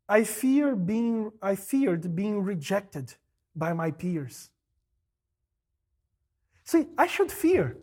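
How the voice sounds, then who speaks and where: This high-pitched male pastor delivers a sermon built on a barrage of rhetorical questions he answers himself, alternating loud, emphatic moments with quieter asides.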